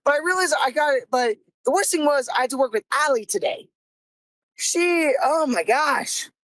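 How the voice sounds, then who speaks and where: A young woman hosting a podcast, telling a comic story about her first job in an animated, exasperated way and swearing freely. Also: high voice, normal speed, dry recording, poor audio. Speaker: podcast host.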